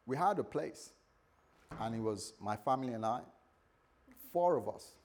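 A British man preaches a sermon in a husky, mid-pitched voice. He talks to the congregation conversationally and with humor, dropping to near-hushed lines and then rising loud. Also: lively intonation, moderate pace. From Britain. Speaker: pastor. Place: church.

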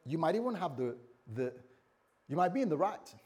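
A man's voice: a little high, sing-song, brisk, darkish tone, slightly rough. A man preaching a sermon as a pastor, in a conversational way, with frequent restarts and acted-out dialogue.

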